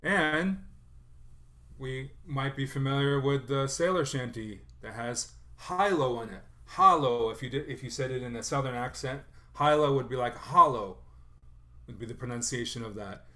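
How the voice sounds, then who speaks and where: Man, lecturer, academic presentation, thoughtful, halting with fillers and restarts, middle pitch. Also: sharp tone. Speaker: lecturer on sailor songs.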